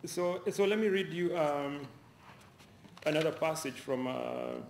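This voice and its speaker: A man reading aloud from his own novel at a university event, in a measured way with small restarts. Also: fairly high pitch, vocal fry, slight background noise. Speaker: author reading his fiction. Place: university lecture hall. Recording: roomy lecture hall, faint ambience.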